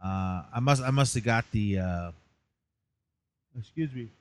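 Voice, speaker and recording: Rambling low-voiced man, tired. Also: moderate pace, clean tone. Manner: rambling, many fillers. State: tired, yawning. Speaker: podcast host. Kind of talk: casual vlog recap.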